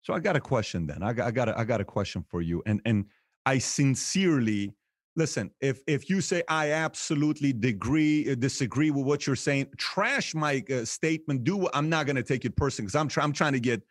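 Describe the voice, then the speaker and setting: A man's voice: mid-range voice, expressive, brisk, slightly rough, dry recording, studio quality. A man hosting a casual debate, talking hesitantly, with frequent restarts. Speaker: host.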